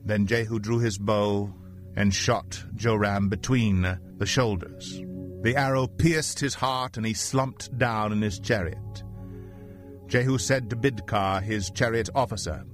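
A man narrating a scripture passage in a steady, even reading voice. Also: fairly low pitch, a little slow, faint music behind.

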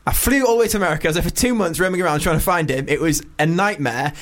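A man co-hosting a casual chat, rambling and animated as he tells stories and acts out what people said. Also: a little high, racing. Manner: rambling, animated storytelling with voiced quotes. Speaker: podcast co-host.

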